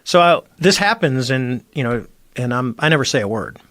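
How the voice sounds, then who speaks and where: Speaking at a normal speed in a medium-pitched voice, a middle-aged man who once commanded a Navy squadron animatedly tells a story in casual conversation, performing the quoted dialogue. The recording is dry.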